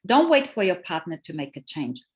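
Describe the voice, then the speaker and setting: A woman relationship coach talking in an interview, animated and emphatic, driving her points home with repetition. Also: on the low side, fairly quick. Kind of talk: interview conversation.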